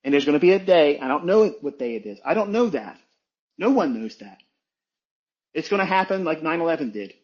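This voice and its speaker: A man's voice: a little high, big pitch swings, a little fast, a little mellow, highs cut off. A man talking as a trading mentor in a blunt, emphatic, profane monologue, repeating his points for weight.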